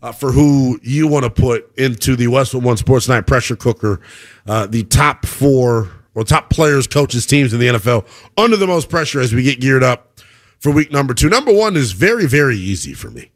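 A man's voice: mid-range voice, expressive, moderate pace. A man hosting a sports talk radio show, delivering an emphatic, opinionated monologue and taking calls.

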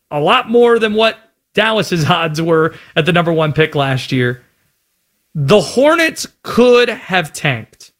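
A man from North Carolina hosting sports talk radio, with an animated, opinionated, energetic delivery. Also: sits high.

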